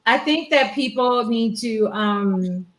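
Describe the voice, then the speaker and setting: A woman talking frankly in a panel discussion as a breast cancer survivor, animated and acting out the voices of people she quotes. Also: fairly high pitch, slow, rough recording.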